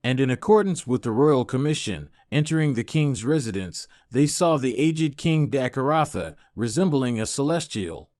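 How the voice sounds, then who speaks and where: A man narrating an audiobook of an old epic translation in a measured, even reading. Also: medium pitch, no echo, clean studio sound.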